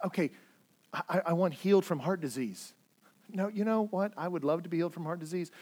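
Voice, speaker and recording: A man preaching a sermon as pastor, earnest, repeating words as he stresses points and swinging between loud and hushed delivery. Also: fairly high pitch.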